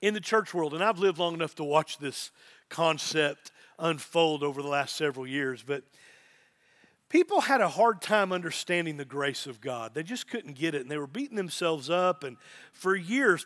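A man's voice: a little high, a bit bright. A middle-aged man, a pastor, preaching a sermon with emphasis and repeated phrases.

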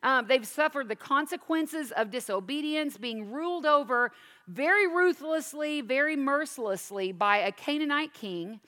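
A woman's voice: sits high, lively intonation, normal speed, bright, forceful tone, in a large hall. A woman teaching a sermon, reading scripture aloud and then explaining it with questions to the listeners. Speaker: Bible teacher.

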